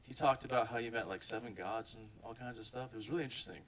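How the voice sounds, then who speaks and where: Rambling man, bright and off-mic. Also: mid-range voice, quick pace, recorded from a distance, poor audio. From Ohio, USA. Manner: rambling, many fillers and "like". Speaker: churchgoer giving a testimony. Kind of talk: casual spoken testimony to a group.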